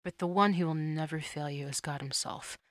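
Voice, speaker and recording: A woman's voice: deep voice, a little fast, no echo, studio quality. A young woman hosting her own faith podcast, talking in a chatty, rambling and earnest way. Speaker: podcast host. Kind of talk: solo faith podcast monologue.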